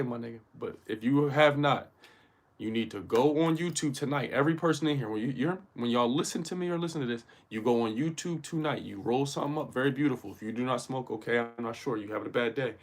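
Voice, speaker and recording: A man hosts a casual motivational livestream, talking straight to his viewers. His speech is loose, slangy and full of swearing. He keeps checking that his listeners are following along. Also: medium pitch. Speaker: host.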